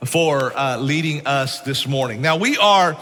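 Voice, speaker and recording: A man's voice: mid-range voice, expressive, unhurried, sharp tone. A middle-aged man preaching a sermon, telling stories in a folksy way and often saying "man". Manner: folksy storytelling with frequent "man". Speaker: pastor. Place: church sanctuary. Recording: church hall reverb.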